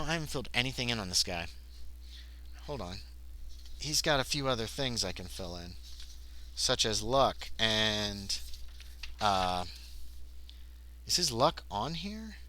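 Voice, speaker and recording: Bright, lively man reading a solo game. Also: medium pitch, a little slow, long pauses, a little hiss or hum. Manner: reads game text aloud, then chats casually to himself and chat. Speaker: solo game player, streamer. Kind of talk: livestream of a solo tabletop game.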